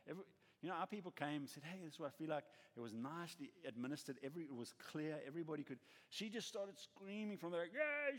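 A man's voice: on the high side, husky. A man preaching a sermon as a pastor, telling stories and acting out the people he quotes, in a church hall. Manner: animated storytelling, acts out quoted voices. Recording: echoey hall with long reverb.

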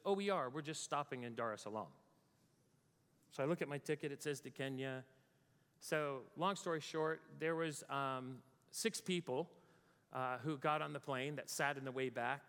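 Brief: American man, slightly high voice, lively storyteller to a crowd, long hall echo. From United States. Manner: animated storytelling, acts out his own panic in a higher voice. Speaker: speaker. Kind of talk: storytelling talk to an audience. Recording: long reverb of a large hall.

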